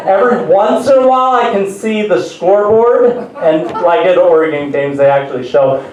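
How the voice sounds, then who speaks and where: Guy doing stand-up, high voice, self-deprecating bits, tons of echo, sounds far off from the mic. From United States. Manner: self-deprecating storytelling with frequent restarts. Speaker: stand-up comedian. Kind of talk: stand-up comedy set. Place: large echoey venue before an audience. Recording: echoey room, voice far from mic.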